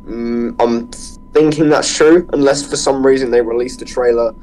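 A man's voice: mid-range voice, fairly even intonation, moderate pace, a little mellow, faint music behind, rough recording. A fifteen-year-old boy from England, chatting eagerly as a podcast guest, giggling often. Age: teens. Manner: eager, giggly, fillers and restarts. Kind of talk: casual podcast chat.

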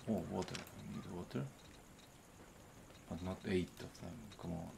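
A man's voice: sits low, fairly even intonation, unhurried, vocal fry, background noise. A man casually commenting on a game as he plays, thinking aloud and muttering to himself. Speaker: gaming channel host. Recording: loud keyboard typing and clicks.

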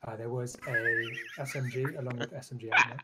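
A man's voice: mid-range voice, fairly even intonation, a little fast, very noisy. A man playing a police officer in a role-play court, politely and a little hesitantly reading out the charges. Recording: game voice chat with crowd of players.

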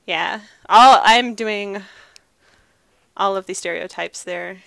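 Female co-host, bright-toned and chatty, self-deprecating humor, dry recording. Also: medium pitch, slow, gravelly, dry recording. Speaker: podcast co-host. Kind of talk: casual podcast chat.

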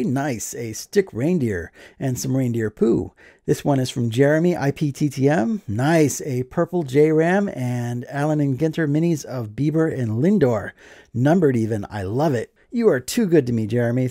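A man's voice: medium pitch, lively intonation, moderate pace, mellow, dry recording, clean studio sound. Upbeat man opening fan mail. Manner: enthusiastic, joking asides. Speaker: card collecting vlogger. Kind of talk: casual mail opening chat.

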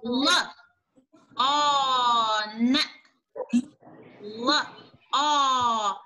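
A young woman teaching a spelling lesson to young children online, repeating each word slowly and patiently. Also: fairly high pitch, bright, forceful tone, muffled recording, a little hiss or hum.

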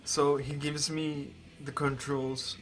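Nearly in tears, a man in his twenties pours out a rambling, swear-filled story on a live stream with intense excitement. His voice sits fairly high and he speaks slowly.

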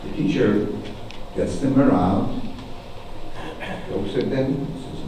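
An older man telling jokes on a community hall stage, with slow, animated storytelling and put-on voices. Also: mid-range voice, slight background noise. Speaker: joke teller. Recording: roomy hall from far off.

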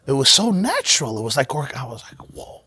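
A man, a rabbi, giving an informal synagogue class, telling stories in a conversational, animated way. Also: mid-range voice, fairly quick, husky, no room sound. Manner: conversational, storytelling, animated asides.

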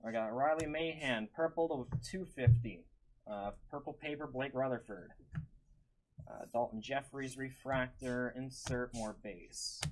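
Dude running a live card break stream, reads off cards and says hi to chat, bit of hiss in the background. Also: male voice, medium pitch, a little slow, poor audio. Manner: chatty, greets viewers by name while calling out cards.

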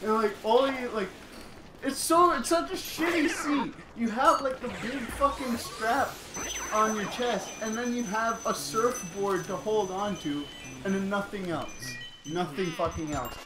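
Over the sound of video game music in an echoey room, a young man with a voice that sits high spins an unhurried, profane story full of laughter. He co-hosts a gaming channel and chats as he plays, against a noisy background.

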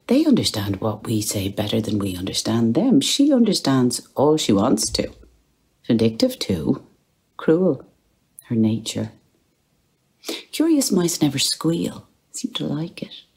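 A woman's voice: a bass voice, warm tone, breathy edge. A woman giving a literary reading, lingering over phrases and dropping to near-whispers. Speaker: reader.

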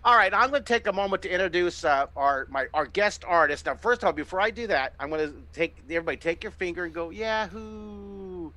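Middle-aged guy teaching drawing live, super enthusiastic, fairly high bright voice. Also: animated, quick pace, hardly any pauses. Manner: enthusiastic, encouraging, exclamatory; talks while sketching, step-by-step instructions. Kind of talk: live online drawing lesson.

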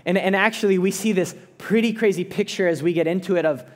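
A man's voice: sits high, quick pace, hardly any pauses. A man preaching a sermon as a pastor, earnest and conversational, often restarting his phrases.

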